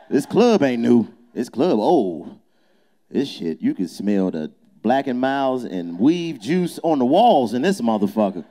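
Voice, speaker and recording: A man's voice: medium pitch, mellow. A young adult man, a comedian, doing a boisterous, profane, teasing improvised roast inside a small nightclub.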